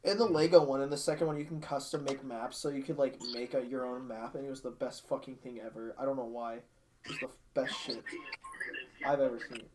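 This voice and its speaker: A man's voice: medium pitch, fairly even intonation, fairly quick, noisy background. A young man co-hosting a podcast in casual, rambling chat, swearing often. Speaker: podcast co-host.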